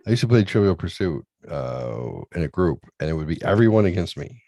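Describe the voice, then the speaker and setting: This talk show host has a low, slightly mellow voice and speaks very animatedly and briskly, with no room sound. His crude comedic chat is profane and rambling, and he frequently performs the voices of the people in his stories.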